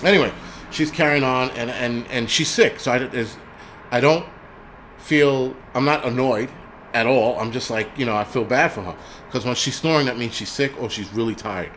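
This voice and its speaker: A man's voice: medium pitch, moderate pace, a bit bright, slight background noise. Profane rambling man on a livestream. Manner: profane, rambling, frequent restarts. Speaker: livestream host. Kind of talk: casual livestream rant.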